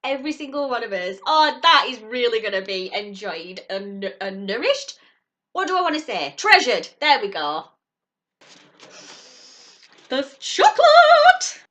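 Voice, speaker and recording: A woman vlogging a subscription box unboxing in casual chat, gushing and excitable. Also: medium pitch, normal speed. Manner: gushing and excitable, squeals at surprises.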